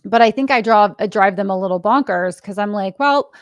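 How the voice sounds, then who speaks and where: A middle-aged woman hosts a casual podcast conversation at a middle pitch. She tells anecdotes with animated, acted-out dialogue and laughs often. The recording is dry and close, with no room sound. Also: a little fast, no echo. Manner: animated storyteller acting out quoted dialogue; laughs often mid-story. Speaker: podcast host.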